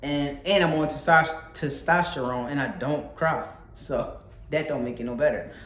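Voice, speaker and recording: A man's voice: fairly high pitch, moderate pace, a bit bright. Candid Philly man, echoey room. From Philadelphia. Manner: loose and candid, swears freely, muses aloud with many fillers. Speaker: vlogger and visual artist. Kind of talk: casual rambling vlog talk while painting. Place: indoors at home, painting a wall.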